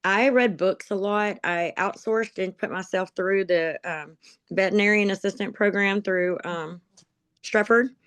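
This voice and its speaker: A woman's voice: medium pitch, a little slow, fairly bright tone, smooth, dry recording. Woman, interview testimony, rambling storyteller, lots of ums, laughs at herself, emotional, dry close mic. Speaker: interviewee, dog program graduate. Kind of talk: personal testimony, conversational storytelling.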